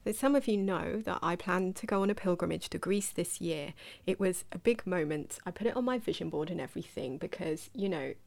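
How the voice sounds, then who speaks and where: A woman's voice: lowish voice, brisk, vocal fry. A woman hosting a solo podcast, talking in a chatty, digressive way and asking the listener questions. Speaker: podcast host. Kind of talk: reflective solo podcast talk.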